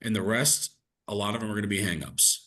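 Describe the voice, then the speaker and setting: A man coaching real estate agents through cold-call script practice, casual and energetic, peppering his talk with "like" and "right?". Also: fairly low pitch, quick pace. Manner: energetic, conversational, fillers like "like" and "right?". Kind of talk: coaching session with role-play practice.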